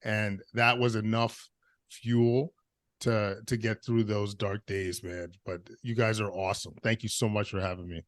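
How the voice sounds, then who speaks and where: A man who is a critical care doctor, speaking as a podcast guest slowly and earnestly in casual conversation. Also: fairly low pitch, little pitch movement, no room sound.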